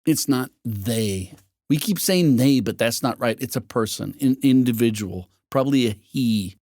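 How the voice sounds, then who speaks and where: A man's voice: medium pitch, lively intonation, measured pace, darkish tone, dry recording, clean studio sound. A man playing a tense male security commander.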